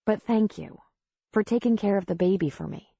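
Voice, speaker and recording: A woman's voice: mid-range voice, normal speed, gravelly, dark tone, husky, no echo. A woman voicing a candid, earnest widowed midwife from the city in an audiobook.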